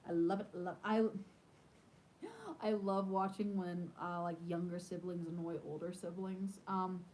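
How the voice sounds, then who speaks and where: A woman in her thirties, a podcast host, chatting casually and telling animated stories with lots of "like". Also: on the low side, measured pace, a little hiss or hum, poor audio. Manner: chatty, animated storytelling with many "like"s. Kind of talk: casual chat.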